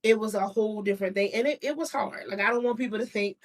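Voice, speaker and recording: A woman's voice: medium pitch, fast talker. A young adult woman, a guest, candidly telling a personal story in casual chat, with frequent laughs and restarts.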